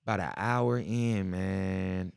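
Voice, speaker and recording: A young man hosting a podcast tells a long story in a low, gravelly yet smooth voice, speaking slowly. He uses casual slang, stays animated, and acts out what people said, in clean studio sound with no echo.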